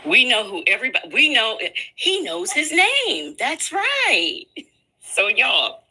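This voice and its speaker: A woman hosting a casual livestream, slowly retelling news to her viewers in a chatty way. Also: a little high, huge pitch swings, sharp tone, husky, low-quality recording. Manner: slow, chatty storytelling. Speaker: livestream host.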